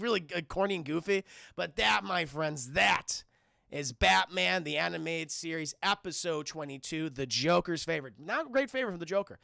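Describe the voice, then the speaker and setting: A man's voice: high voice, a little fast, vocal fry, no echo, clean studio sound. A man recapping a cartoon episode on a livestream, swearing freely and talking to his chat as he goes. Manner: profane, animated retelling, addresses chat.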